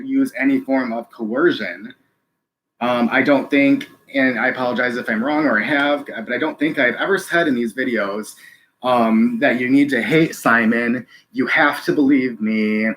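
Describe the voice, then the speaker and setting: A man hosting a live stream, reading chat and speaking earnestly, halting with many ums and restarts, close to tears. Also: mid-range voice, fairly bright tone, a little hiss or hum.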